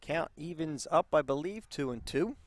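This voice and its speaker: A man with a Boston accent calling a high school baseball game play by play, getting loud and excited on big hits. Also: moderate pace. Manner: excitable, rising sharply on big plays. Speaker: play-by-play announcer. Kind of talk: live baseball commentary.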